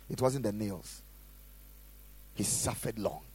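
A man preaching a sermon as a pastor, asking the congregation questions and swinging between shouted lines and quiet asides. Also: lowish voice, animated, slow pace, pauses often, breathy edge, no echo, rough recording. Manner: preaching with call-and-response questions.

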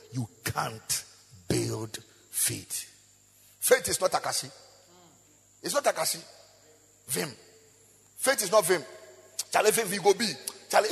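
A man preaching a sermon, chanting in a sing-song voice, rising to shouts, asking the crowd call-and-response questions and breaking into tongues. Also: a little high, gravelly, breathy edge. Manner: bursts of praying in tongues. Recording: echoey hall with faint music.

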